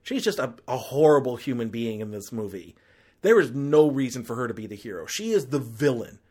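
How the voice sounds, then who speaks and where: Ranting movie reviewer with swooping pitch. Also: animated, fairly quick, a little mellow. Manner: ranting, exasperated, escalating into outbursts; casual filler-heavy talk with restarts. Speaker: film reviewer. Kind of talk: ranked-list movie review commentary.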